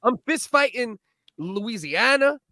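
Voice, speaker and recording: A man's voice: extremely high pitch, sing-song, slow pace, no echo, clean studio sound. A man co-hosting a comedy livestream, riffing crudely on candy with lots of laughter. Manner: loud, laughing, profane riffing. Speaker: comedy podcast co-host.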